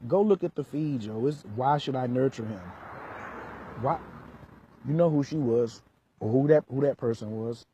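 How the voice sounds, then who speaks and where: A man's voice: a little high, warm tone, a little hiss or hum. A man working as a relationship coach, lecturing hard in an emphatic vlog rant full of street slang.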